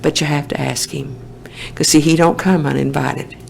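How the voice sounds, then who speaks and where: A woman's voice: low voice, fairly even intonation, normal speed, gravelly, a little mellow, slight background noise, low-quality recording. A woman giving a personal testimony talk at a recovery meeting, telling her story in a plainspoken, homespun way.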